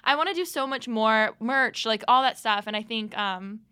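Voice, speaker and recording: A young woman co-hosting a podcast in casual chat, gushing and excitable, restarting with "like". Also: fairly high pitch, moderate pace, clear, resonant tone, no echo, clean studio sound. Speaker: podcast co-host. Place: podcast studio.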